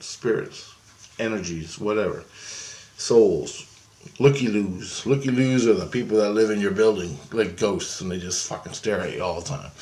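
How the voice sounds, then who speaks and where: A man telling a spiritual dream story to his viewers in a loose, rambling way, full of fillers and restarts. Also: lowish voice. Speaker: video blogger.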